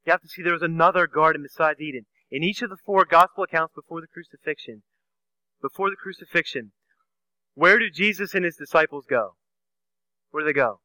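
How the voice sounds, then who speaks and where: Guy preaching a sermon, lots of rhetorical questions, high tense voice. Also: moderate pace, dry recording, poor audio. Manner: rhetorical questions, swings from soft hush to loud emphasis.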